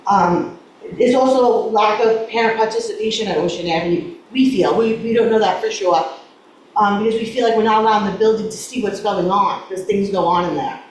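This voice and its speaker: Mom at a school board mic fighting back tears, halting, repeats herself, sounds a bit far off in a big echoey room. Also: female voice, mid-range voice. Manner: halting, repeats words, pleading. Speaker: parent giving public comment. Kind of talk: public comment at a school board meeting. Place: large echoey meeting room. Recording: echoey room audio with faint noise, from a distance.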